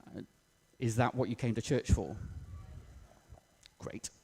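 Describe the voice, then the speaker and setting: A man's voice: mid-range voice, slow pace, warm tone, slightly rough. A man preaching a sermon in a church, casual and self-deprecating with plenty of fillers. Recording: echoey church hall.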